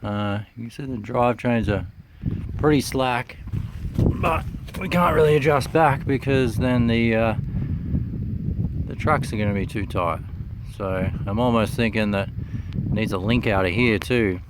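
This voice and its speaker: A man giving a laid-back, halting walkthrough of an old machine, with many pauses and "uh"s, speaking into a handheld camera inside a running dragline cab. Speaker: machinery restorer. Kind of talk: casual walkthrough narration. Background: faint engine rumble.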